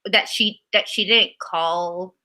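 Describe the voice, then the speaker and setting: A woman co-hosting a casual recap chat, ranting animatedly and mocking people with quick impressions. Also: on the low side, steady tone, sharp tone. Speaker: podcast co-host.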